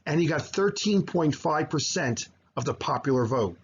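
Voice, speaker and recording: A man teaching high school history over slides, explaining at length with frequent fillers and self-corrections. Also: lively intonation, normal speed, highs cut off, slight background noise. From United States. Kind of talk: recorded slideshow lecture.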